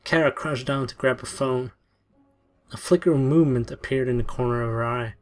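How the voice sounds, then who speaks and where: A man reading a story aloud in a steady, expressive way. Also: medium pitch, fairly quick. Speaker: narrator. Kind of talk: audiobook reading. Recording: soft background music.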